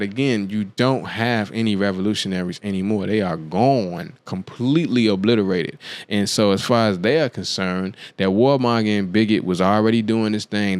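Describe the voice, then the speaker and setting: A man's voice: lowish voice, a little mellow, clean tone, no room sound. A man hosting a show, talking through his views in a loose, casual monologue, often checking in with "you dig what I'm saying?". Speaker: podcast host.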